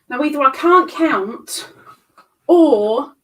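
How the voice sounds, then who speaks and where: Giggly high-voiced woman crocheting. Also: animated, takes it slowly, pauses often, a bit bright, recorded from a distance. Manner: giggly, self-mocking, chatting to viewers while counting stitches. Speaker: crochet livestream host. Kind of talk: casual live-stream chat while crocheting.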